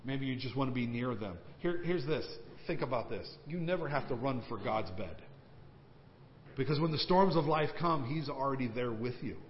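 A man preaching a sermon as pastor, swinging between raised, emphatic questions and hushed, slowed asides. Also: medium pitch, lively intonation, slight background noise. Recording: long church-hall reverb, dull lo-fi sound.

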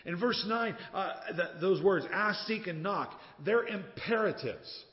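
A man preaching a sermon as a pastor, telling a story and acting out the voices in it with lively swings in loudness. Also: sits high, measured pace. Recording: dull sound with long reverb.

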